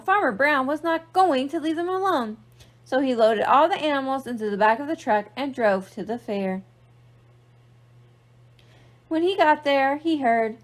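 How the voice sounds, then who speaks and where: A young woman librarian reading a picture book aloud to children, playful and asking them questions. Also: high voice. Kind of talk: storytime read-aloud for kids.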